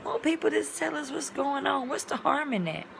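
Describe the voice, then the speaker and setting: A woman's voice: high-pitched, normal speed, vocal fry, fairly bright tone, slight background noise. A woman vlogger talking in a casual, rambling monologue, with colloquial, folksy phrasing and sound-effect words.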